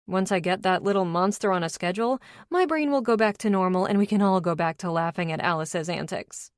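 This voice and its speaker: A woman's voice: fairly low pitch, brisk, dry recording, clean studio sound, close to an everyday voice. A woman narrator voicing a worn-out, blunt, teasing new mother in an audiobook.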